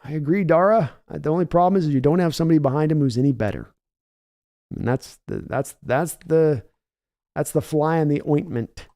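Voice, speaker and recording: A brisk American streamer with a mellow, fairly high voice provides live game reaction commentary. He reads viewer chat aloud and replies conversationally, staying opinionated, analytical, and rambling.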